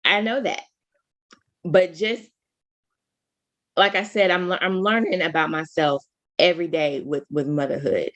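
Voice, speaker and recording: A woman co-hosting a podcast, chatting casually and telling stories animatedly, with sudden jumps in pitch and frequent restarts. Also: steady tone, a bit bright, lo-fi sound. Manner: talks fast, full of restarts. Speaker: podcast co-host. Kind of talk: casual chat.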